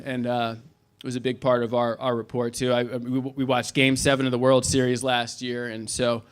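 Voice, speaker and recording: Guy at a memorial, tells a story, keeps restarting, mid pitch. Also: fairly bright tone, smooth. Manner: halting, with many restarts and fillers. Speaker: friend giving a eulogy.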